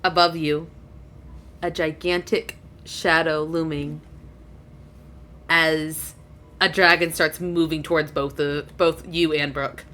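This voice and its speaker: A woman's voice: low-pitched, little pitch movement, takes it slowly, pauses often, fairly bright tone. A woman narrating as game master in a chatty way, laughing often.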